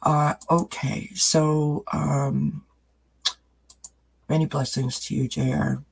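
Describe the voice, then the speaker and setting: A man's voice: fairly high pitch, sing-song, slow pace, gravelly, slightly rough, low-quality recording. A man giving a live-streamed tarot reading, reassuring his viewers and greeting the chat by name. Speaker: tarot reader.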